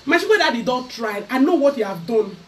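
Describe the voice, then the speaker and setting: A Nigerian woman vlogger ranting loudly to camera in a mocking, scolding way. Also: on the high side, expressive, brisk. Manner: loud, mocking, switching into Pidgin. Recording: voice a bit far from the mic.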